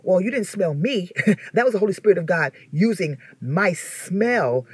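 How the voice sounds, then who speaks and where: A woman minister giving an informal teaching sermon, telling stories with lively rhetorical asides and frequent restarts. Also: fairly low pitch, moderate pace, husky, no room sound. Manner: animated storytelling with rhetorical asides and laughter; frequent repeated words and restarts.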